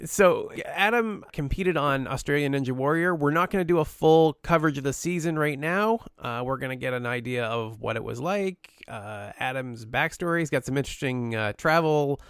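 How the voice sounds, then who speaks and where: A man's voice: mid-range voice, normal speed, hardly any pauses, a bit bright, smooth, no echo, studio quality. A man hosting a casual podcast chat in an upbeat, friendly way. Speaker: podcast host.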